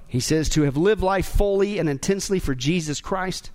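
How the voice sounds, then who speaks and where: A man preaching a sermon in an animated way, rising to shouts at the climaxes. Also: a little high, moderate pace, few pauses. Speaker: pastor.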